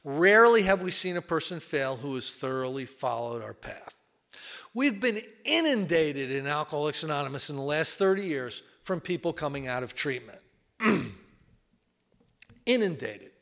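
A man's voice: fairly high pitch, very animated, moderate pace, vocal fry, a bit bright. A middle-aged man giving an informal, plain-spoken talk to a recovery group, folksy with many fillers. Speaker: recovery meeting speaker.

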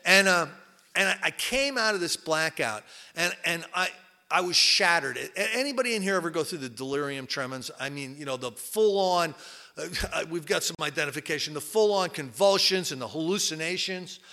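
A man from New Jersey shares his story at a recovery meeting. His voice sits high and sounds bright and forceful. He talks candidly and rambles, with plenty of fillers and repeated words. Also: animated, normal speed. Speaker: recovery speaker. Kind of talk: personal testimony talk.

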